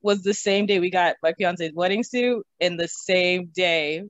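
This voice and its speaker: A young woman telling stories from her own life in an interview. She is animated, laughs often and swears casually. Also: fairly low pitch, a little slow, no echo. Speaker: interview guest. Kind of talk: casual storytelling. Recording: slightly dull, dry recording.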